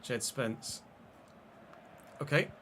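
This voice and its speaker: A man, chatting and commentating excitedly while streaming a football game. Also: mid-range voice, extremely slow, slight background noise. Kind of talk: live gameplay commentary.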